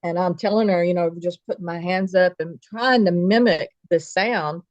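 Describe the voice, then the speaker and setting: Woman, low-ish voice, storyteller voicing family members, dry lo-fi mic. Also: moderate pace, dry recording. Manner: vivid, folksy retelling with quoted dialogue. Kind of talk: personal story told casually.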